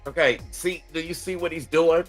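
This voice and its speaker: A man's voice: fairly high pitch, fairly even intonation, moderate pace, soft background music. Indignant man preaching at his viewers. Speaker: commentator reacting to a video. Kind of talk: critical reaction commentary.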